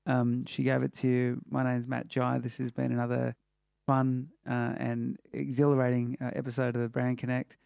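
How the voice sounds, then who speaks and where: A man's voice: medium pitch, completely flat delivery, moderate pace, vocal fry, a little mellow, clear, resonant tone, no room sound, clean studio sound. A man hosting a casual interview show, chatty and full of "you know" fillers. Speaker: podcast host.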